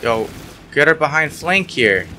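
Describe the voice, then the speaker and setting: With music playing in the background, a young man casually narrates his online shooter match for his YouTube audience. His fairly high voice is expressive and unhurried, and he's sarcastic, swears a lot, and yelps when things go wrong.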